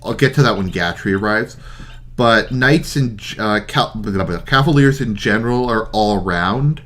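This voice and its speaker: Low-voiced man explaining game mechanics. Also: moderate pace, fairly bright tone. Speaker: let's play host. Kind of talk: casual gameplay commentary.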